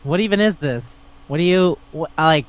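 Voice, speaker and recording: A man co-hosting a podcast, ranting in disbelief with rapid questions and lots of swearing. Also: a little high, animated, clean tone, muffled recording. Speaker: podcast co-host. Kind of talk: casual chat.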